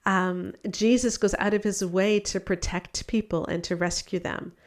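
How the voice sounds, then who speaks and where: A woman's voice: medium pitch, fairly even intonation, normal speed. A woman hosting a podcast, giving earnest critical commentary on marriage advice. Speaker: podcast host. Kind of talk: casual podcast discussion.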